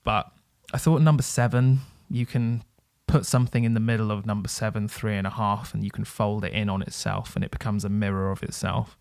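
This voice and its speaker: A man's voice: on the low side, fairly even intonation, a little fast, gravelly, few pauses, a little mellow, dry recording, studio quality. A man co-hosting a music podcast, talking in a nerdy, enthusiastic way with frequent fillers. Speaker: podcast co-host. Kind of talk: casual music review chat.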